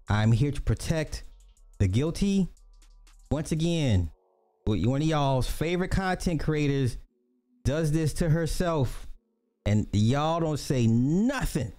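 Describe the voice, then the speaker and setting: A man's voice: fairly high pitch, dark tone. A man hosting a casual reaction commentary, blunt and profane, with joking asides. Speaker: commentary host reacting to clips.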